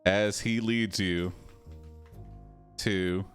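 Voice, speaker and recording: A man's voice: low voice, steady tone, very slow, clear, resonant tone, faint music behind. A man hosting a live stream, reacting to an AI story with jokes and frequent laughter. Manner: joking, reactive, laughs often. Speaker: host and game player. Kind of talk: live-streamed game commentary.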